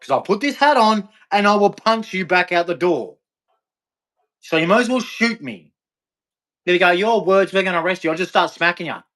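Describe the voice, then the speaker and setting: A man's voice: high voice, animated, normal speed, long pauses, pushed and bright. A middle-aged Australian man ranting angrily to camera, profane, aggressive and repetitive. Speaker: vlogger. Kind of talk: angry rant to camera.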